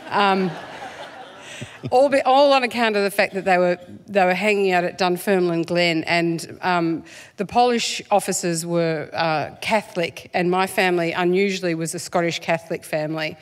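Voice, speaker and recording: A woman's voice: lowish voice, moderate pace. A woman, an author guest, talking in a live stage interview, chatty and self-deprecating with frequent laughs and ums. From Australia, born in England.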